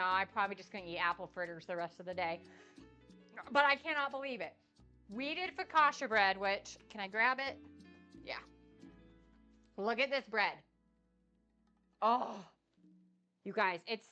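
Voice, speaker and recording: A young adult woman with a bright, pushed voice on the high side chats casually during a cook-along livestream. As a cooking streamer, she gushes effusively while tasting her food.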